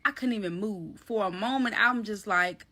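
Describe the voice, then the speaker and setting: A woman telling a personal story to her viewers in a casual, animated, slangy way, calling them y'all and baby. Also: mid-range voice, moderate pace. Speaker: storyteller recounting a personal event.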